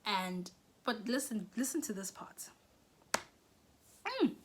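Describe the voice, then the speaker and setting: A young South African woman telling a storytime vlog, animated, often dropping into whispers and rising into shrill bursts. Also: normal speed, background noise. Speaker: YouTuber.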